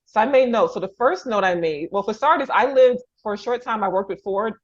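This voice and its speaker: A woman's voice: medium pitch, brisk, dull audio. A woman from the Bronx hosting a podcast interview over a video call, talking effusively, laughing through tears and restarting her sentences often. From New York, the Bronx. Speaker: podcast host. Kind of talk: emotional interview conversation.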